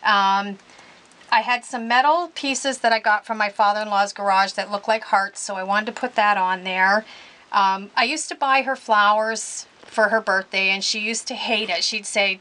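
A woman's voice: mid-range voice, fairly even intonation, normal speed. A middle-aged woman from Canada, casually telling family stories while showing a craft piece. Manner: warm storytelling with laughs. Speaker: crafter showing her artwork. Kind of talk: casual chat.

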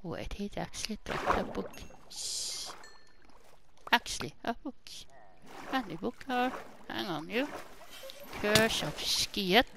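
Slow, chatty woman gamer. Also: mid-range voice, lively intonation, vocal fry, heavy background noise. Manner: chatty, exclaims and talks to game characters. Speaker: gaming channel host. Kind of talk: casual gameplay commentary.

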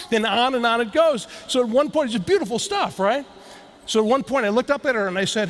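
A man's voice: very high-pitched, a little fast. A middle-aged man giving a keynote speech to a live audience, telling stories and talking straight to the crowd. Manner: storytelling, animated, addresses the crowd directly. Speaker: keynote speaker. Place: large hall with live audience.

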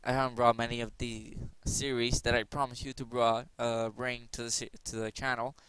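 A man's voice: mid-range voice, level tone, moderate pace, fairly bright tone, clear, resonant tone, no echo. A young man hosting his channel, rambling and joking his way through quiz questions, now and then breaking into silly voices. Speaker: gaming channel host. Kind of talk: casual commentary playing a quiz game.

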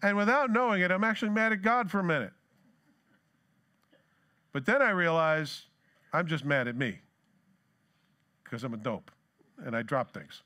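A pastor delivers a sermon in a fairly high voice for a man. He moves between easy, joking asides to the congregation and scripture readings that climb in force. The delivery stays conversational throughout. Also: bright, forceful tone. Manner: conversational and joking, reads scripture with rising emphasis. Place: church sanctuary.

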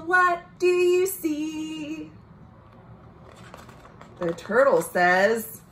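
Woman librarian, storytime read-aloud, unhurried sing-song delivery, slightly high voice, echoey home room with faint noise. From United States. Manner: gentle, sing-song, asks the listening children questions. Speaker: children's librarian.

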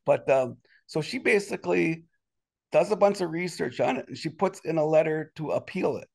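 Indignant rambling man telling his story. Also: vocal fry. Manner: animated, quick jumps in pitch when indignant; rambling with many restarts and "you know". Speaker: interview guest. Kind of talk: casual storytelling testimony.

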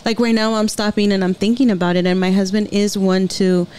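A woman co-hosting a podcast, telling a lively story and acting out the quotes. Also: mid-range voice, fairly quick, clear, resonant tone. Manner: animated storyteller, acts out quotes. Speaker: podcast co-host. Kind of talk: casual chat.

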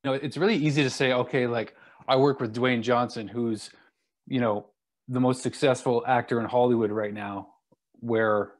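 A man hosting his own show, introducing a guest and asking questions in a relaxed, friendly way with lots of fillers. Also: medium pitch, normal speed. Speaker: show host. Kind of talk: casual interview.

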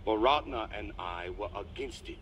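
A man's voice: lowish voice, moderate pace, a bit bright, close to an everyday voice. An actor voicing a cold male outlaw leader delivering a recorded message in a video game.

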